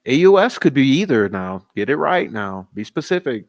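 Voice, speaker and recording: Very animated and speaking at a normal clip, a man with a medium-pitched voice wraps up his livestream's casual chat. He's tipsy and giggly, laughing often as he kids around with his audience.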